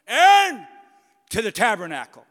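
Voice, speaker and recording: A man voicing God as a stern, commanding male deity, calling people by name and summoning them in a loud, booming voice. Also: fast, close to an everyday voice. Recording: long church reverb.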